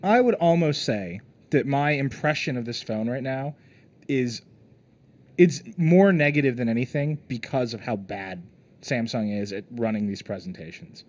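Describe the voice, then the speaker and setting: A man's voice: mid-range voice, normal speed, a little mellow. A man co-hosting a casual tech podcast, wry and exasperated, often laughing. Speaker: podcast co-host.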